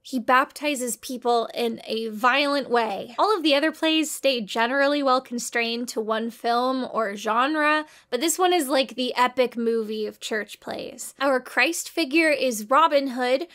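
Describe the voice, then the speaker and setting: Woman host, dry sarcastic review narration, a bit high-pitched. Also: a little slow, few pauses, fairly bright tone. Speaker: video commentator. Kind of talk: scripted comedic commentary.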